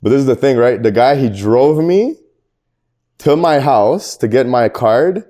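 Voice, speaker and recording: Mellow-voiced man telling wild stories. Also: mid-range voice, lively intonation, measured pace. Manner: profane, laid-back anecdotes. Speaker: rapper guest. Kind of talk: casual storytelling chat.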